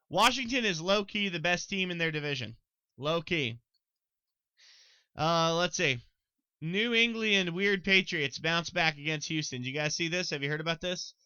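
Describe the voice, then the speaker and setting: A young man hosting a casual solo sports podcast, excitable, talking straight to his listeners and swearing freely. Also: a little high, unhurried, smooth, dry recording, low-quality recording. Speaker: podcast host.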